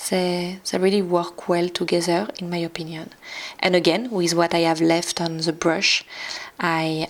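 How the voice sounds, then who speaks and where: A woman with a French accent, a native French speaker, narrating a makeup tutorial in a soft, careful way, with small restarts and slips in English. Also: lowish voice. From France. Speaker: beauty vlogger.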